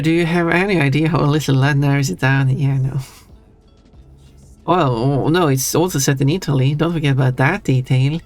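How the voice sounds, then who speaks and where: A man's voice: fairly high pitch, steady tone, moderate pace, faint music behind. Chatty man streaming. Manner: chatty, self-amused, restarts and trails off. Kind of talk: casual chat while gaming.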